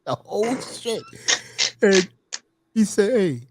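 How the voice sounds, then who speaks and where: A man's voice: sits high, animated, takes it slowly, heavy background noise. A middle-aged man telling stories casually, mimicking people and laughing often. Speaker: podcast host. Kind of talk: casual storytelling chat.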